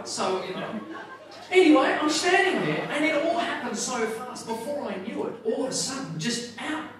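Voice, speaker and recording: A man performing a stand-up comedy routine as MC at a corporate gala dinner, telling a story with animated, self-deprecating asides. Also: extremely high pitch, a little hiss or hum. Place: large function room at a gala dinner. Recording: echoey hall, distant mic, audience laughter.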